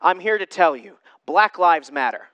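A man's voice: high voice, animated, normal speed, smooth, no room sound, dull audio. A man preaching an informal sermon in an emphatic way, repeating rhetorical questions to drive his points home. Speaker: Christian preacher.

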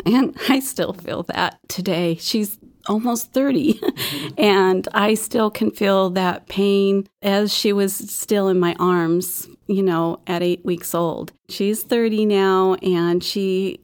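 Earnest mother with a gravelly voice. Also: on the low side, a little mellow. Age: middle-aged. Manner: heartfelt, earnest storytelling. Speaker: adoptive mother, interview guest. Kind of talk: personal interview testimony.

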